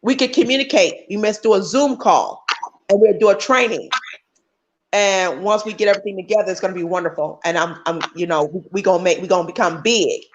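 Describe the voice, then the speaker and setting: A woman speaks as a guest on a livestream call. Her voice sits at a middle pitch, and she talks with emphasis, often starting a sentence over. A faint hiss runs under her remote call mic. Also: brisk, dull audio. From United States. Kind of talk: casual chat.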